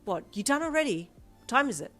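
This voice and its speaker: A woman voicing a brash, flippant delinquent teenage schoolgirl who often shouts. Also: a little high, very animated, fast talker, faint music behind, pitched above the performer's own voice.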